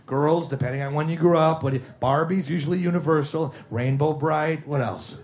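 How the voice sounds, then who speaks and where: A man's voice: on the high side, moderate pace. Middle-aged man, self-mocking stand-up. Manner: self-mocking nostalgic storytelling, chatting with the crowd. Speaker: stand-up comedian. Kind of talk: stand-up comedy routine.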